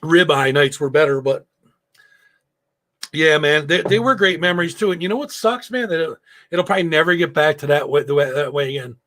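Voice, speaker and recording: A man's voice: a little high, brisk, a bit bright. A middle-aged man hosting a live show, telling a loose, rambling story with lots of swearing and fillers. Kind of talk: casual live-stream chat.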